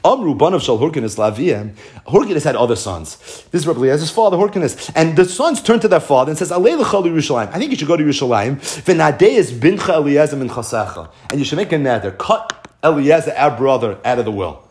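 A man's voice: a little high, fast. A man giving a Talmud class, telling stories with animation, acting out the dialogue, often repeating and restarting phrases. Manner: animated storytelling, acts out dialogue. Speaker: Torah teacher.

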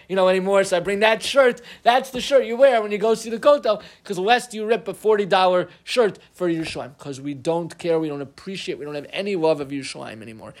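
A middle-aged man teaching an informal Torah class, animated, with humorous asides and frequent restarts. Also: high voice.

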